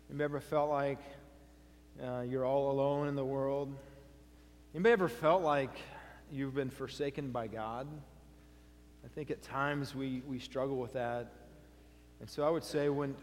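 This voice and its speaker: A male pastor preaching a sermon, earnestly asking his congregation questions and reading scripture aloud. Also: a little high. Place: church sanctuary. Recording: long hall reverb.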